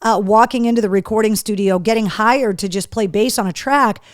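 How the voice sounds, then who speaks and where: Hiccuping through a live show, a radio and podcast host chats casually and animatedly, reading viewer comments aloud. She talks fairly quickly in a mid-range voice, and the recording is dry and studio quality.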